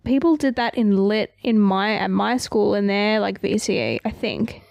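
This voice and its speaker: A woman's voice: medium pitch, animated, normal speed, gravelly, a little mellow, no echo, lo-fi sound. A woman co-hosting a podcast from Australia, chatting casually about movies with lots of fillers. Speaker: podcast co-host. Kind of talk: casual chat.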